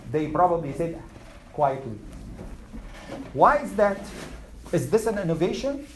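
A man's voice: a little high, very animated, measured pace, a little hiss or hum, rough recording. A man teaching a religious class in a conversational way, often putting questions to the room and repeating them. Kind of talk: classroom lecture.

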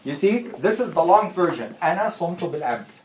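A teacher giving a classroom lesson to students, patiently repeating words slowly and often. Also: mid-range voice, big pitch swings, darkish tone. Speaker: Arabic teacher. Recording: roomy classroom with faint noise.

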